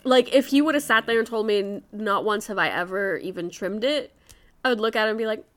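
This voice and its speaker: A woman's voice: mid-range voice, fairly quick, a bit bright. A young woman co-hosting a podcast, telling candid stories in casual chat and laughing often. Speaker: podcast co-host.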